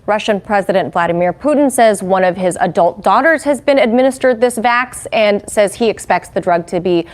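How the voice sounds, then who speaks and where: A woman anchoring a news interview, who sets up the story and asks her guest brisk, leading questions. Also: medium pitch.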